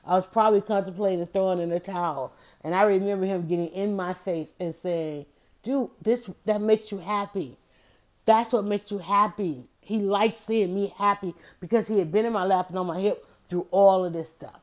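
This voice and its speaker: A woman's voice: mid-range voice, a little mellow. A middle-aged woman hosting a podcast, talking in an emphatic, repetitive style and calling her listeners y'all. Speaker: podcast host. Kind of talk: motivational podcast monologue.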